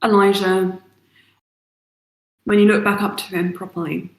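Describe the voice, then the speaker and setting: A woman runs a tabletop game, narrating each scene slowly and in careful detail. Her voice sits at a middle pitch and carries a roomy echo around it. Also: little pitch movement. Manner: slow, descriptive scene-setting. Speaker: game master.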